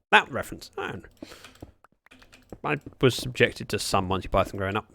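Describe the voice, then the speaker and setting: A man's voice: medium pitch, very animated, moderate pace, creaky, long pauses, bright, forceful tone, a little hiss or hum. Streamer, male, chatty and rambling with viewers; voice swings up and down a lot. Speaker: livestreamer. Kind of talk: casual gaming livestream chat. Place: room at home by a window.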